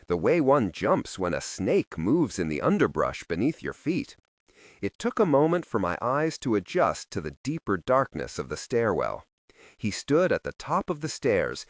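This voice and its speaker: A man narrating an audiobook in a slow, expressive storytelling voice, recorded on a close studio mic. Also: on the low side, no echo.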